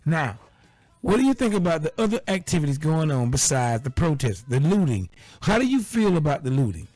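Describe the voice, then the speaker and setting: Rambling, boisterous talk radio host. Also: male voice, fairly high pitch, sing-song, brisk, a little mellow, dry recording. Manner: rambling and boisterous, with repeated fillers.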